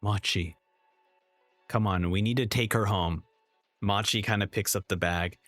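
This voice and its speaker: A man's voice: on the low side, steady tone, unhurried, fairly bright tone, no room sound, soft background music. A young man reacting to an anime episode, reading the subtitles aloud and narrating each scene, often stopping to correct himself. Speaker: reaction streamer.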